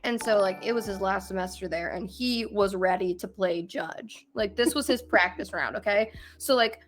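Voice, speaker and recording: A chatty young woman co-hosts a casual podcast. She tells stories in an animated way and laughs often. Faint music sits quietly behind her voice. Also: medium pitch, moderate pace. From Minnesota. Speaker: podcast co-host. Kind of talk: casual chat.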